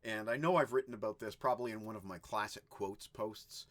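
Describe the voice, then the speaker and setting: A man hosting a rock music vlog, telling anecdotes in a chatty, animated way. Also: on the low side, fairly quick. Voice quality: animated, chatty storyteller who does little sound effects. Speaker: host of a rock music video channel. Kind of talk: casual storytelling vlog.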